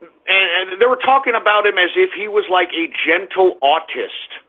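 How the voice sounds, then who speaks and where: A man's voice: high-pitched, moderate pace. A man hosting a talk radio show, ranting in a sarcastic, profane way. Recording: tinny phone-line sound.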